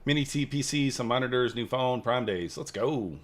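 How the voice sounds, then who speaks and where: A man's voice: mid-range voice, moderate pace. A man rambles through a casual live stream and jokes with his viewers. His voice sits in an ordinary middle range, and he talks loosely and off the cuff. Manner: rambling, joking with chat viewers. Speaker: futures trading live streamer.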